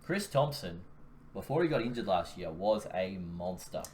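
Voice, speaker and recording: A man's voice: low-pitched, sing-song, normal speed, a little mellow. A young Australian man with an Australian accent, co-hosting a casual fantasy football chat and joking as he talks through his picks. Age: young adult. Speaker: podcast co-host. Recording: faint background noise.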